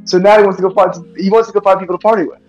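Brief: male player, animated and fairly high, heard through a dull lo-fi mic. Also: rapid-fire, soft background music. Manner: animated, acts out his drunk character's lines. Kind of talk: tabletop game play.

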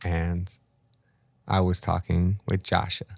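A man's voice: sits low, completely flat delivery, slow pace, vocal fry, no room sound, clean studio sound. A man in his late twenties talking casually and reflectively, telling stories with many fillers. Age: late 20s. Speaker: guest. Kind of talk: casual conversation.

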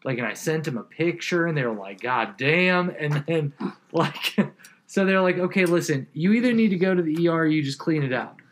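A man's voice: fairly high pitch, expressive, fairly quick, a little hiss or hum. Laughing, profane man telling a story. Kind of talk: casual chat.

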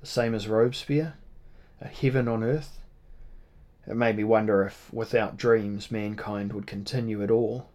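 A man narrating a novel in a measured, dramatic reading style. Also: fairly low pitch, fairly even intonation, a little mellow. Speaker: audiobook narrator. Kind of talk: scripted narration.

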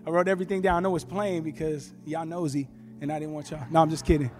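A man preaching a sermon, telling stories in an animated way with bursts of shouting. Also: a little high, fast talker. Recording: long reverb with faint music.

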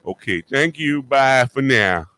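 A man voicing a brash, loudmouthed Southern prank caller who boasts and stumbles over his words. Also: medium pitch, animated, slow, pitched above the performer's own voice. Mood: blustering. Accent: put-on American Southern. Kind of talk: prank phone call.

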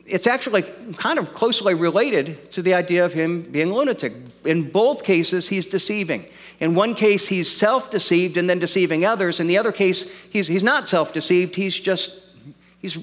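A man's voice: high voice, a bit bright, long reverb tail. A man preaching a sermon as pastor, earnest and repeating words as he works through an argument.

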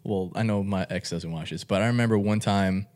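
Animated storytelling man, casual chat. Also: on the low side, brisk. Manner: animated storyteller, swears freely, laughs often.

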